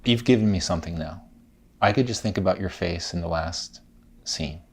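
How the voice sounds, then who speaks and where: A man's voice: low-pitched, moderate pace, noisy background. A man hosting a podcast, asking earnest, probing questions of his guest. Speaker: podcast host. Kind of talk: interview conversation.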